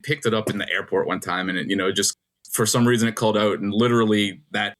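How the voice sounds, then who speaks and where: Male trivia host, middle-aged, low-set voice, chatty and rambling, reads clues deliberately. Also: steady tone, fairly bright tone. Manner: rambling, laughs often, reads clues slowly. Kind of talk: casual podcast quiz hosting.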